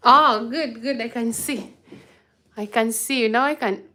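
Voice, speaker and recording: A woman's voice: a little high, a little slow, sharp tone. A young woman hosting a casual live stream from her phone, greeting and thanking viewers by name with an effusive manner. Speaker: vlog host doing a live stream. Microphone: phone camera.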